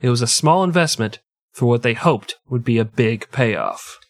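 A man's voice: medium pitch, animated, moderate pace, no echo, studio quality. A man co-hosting a podcast, telling history as crude, joking comedy and putting on mock voices. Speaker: podcast co-host.

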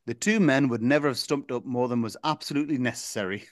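A man co-hosting a podcast, reading a listener's comic story aloud in a deadpan way and breaking into chuckles. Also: medium pitch, quick pace, no echo, studio quality.

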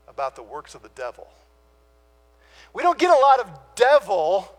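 A man preaching a sermon who puts rhetorical questions to his listeners and pauses dramatically on key words before rushing on. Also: sits high.

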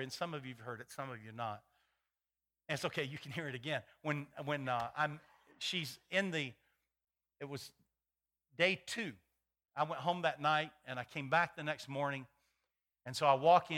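A man's voice: mid-range voice, normal speed. A middle-aged male pastor preaching a sermon in a folksy, storytelling way, acting out the people in his stories. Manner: animated, acts out voices in his stories; folksy, many fillers and restarts.

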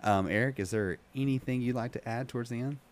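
A man hosting a casual podcast, rambling with many ums and reading an article aloud haltingly. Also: mid-range voice. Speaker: podcast host.

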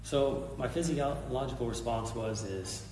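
A man's voice: mid-range voice, unhurried, a little mellow, echoey room, long reverb tail, recorded from a distance, a little hiss or hum. A middle-aged man, a police officer and veteran, telling an intense story in an interview, acting out what people said. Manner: intense retelling, acts out quoted lines.

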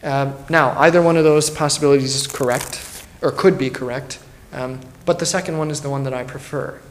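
A man's voice: medium pitch, fairly even intonation, fairly quick, slight background noise. A man, a pastor, teaching a Bible study in an earnest, emphatic way and thinking aloud as he goes. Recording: roomy echo.

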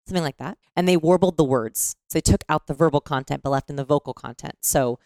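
Low, gravelly-toned woman, animated podcast explainer, dry close sound. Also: quick pace, few pauses, dry recording. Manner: animated, demonstrates voices mid-explanation.

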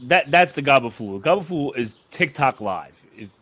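A man's voice: mid-range voice, lively intonation, normal speed, pushed and bright. A young man co-hosting a podcast, ranting in a heated, profane way. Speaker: podcast co-host. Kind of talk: casual podcast rant.

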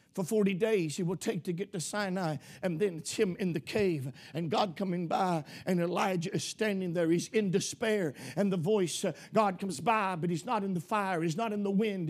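A man preaching a sermon with impassioned delivery that builds to fervent shouting. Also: high voice.

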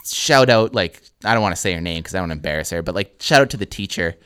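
A man's voice: deep voice, expressive, very fast, a bit bright, clean tone. Laid-back man telling a story. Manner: laid-back, heavy swearing, lots of "like". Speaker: podcast co-host. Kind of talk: casual comedic storytelling.

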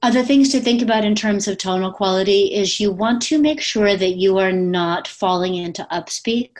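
A woman speaking coach talking casually to her camera at home, with lots of fillers and quick demonstrations of different voices. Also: mid-range voice, a little mellow. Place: at home with pets. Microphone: webcam.

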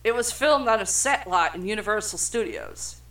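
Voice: medium pitch, very animated, normal speed, a bit bright. A young adult podcast co-host reading film trivia aloud in casual chat, swearing freely and stumbling over words.

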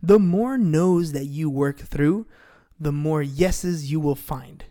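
Taking it slowly, a thirty-something man with a fairly high, warm voice hosts a business podcast as a sales coach. The chat is casual yet energetic and motivational, and he often adds "right?" to the end of lines.

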